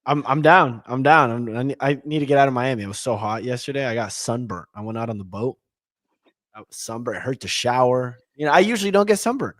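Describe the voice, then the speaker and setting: A man's voice: medium pitch, fast, fairly bright tone, no echo, studio quality. A man co-hosting a podcast, chatting in a laid-back, joking way. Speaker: co-host. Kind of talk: casual podcast chat.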